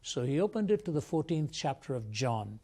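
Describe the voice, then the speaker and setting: A man's voice: medium pitch, sing-song, brisk, darkish tone. An older man from India, a guest speaker, giving an earnest, reflective personal testimony in an interview.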